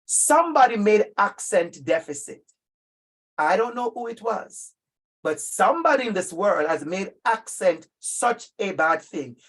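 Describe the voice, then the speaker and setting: A man from Jamaica with a Jamaican accent, giving an emphatic, lively professional-development talk to teachers and addressing them directly. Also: high voice, unhurried. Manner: emphatic and animated, addressing listeners directly by name. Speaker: workshop presenter for teachers.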